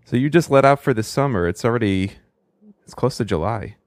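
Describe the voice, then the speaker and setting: A man hosting a speech pathology podcast, talking in a relaxed, chatty way with musing asides. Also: mid-range voice, brisk, dry recording, studio quality. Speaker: podcast host. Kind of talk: podcast intro and interview.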